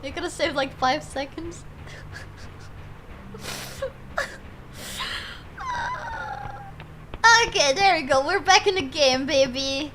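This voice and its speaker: A woman's voice: sits high, moderate pace, hardly any pauses, a bit bright, slight background noise. A woman streamer giving casual, playful commentary while she plays a horror game and jokes with her chat. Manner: playful, jokey, talks to chat.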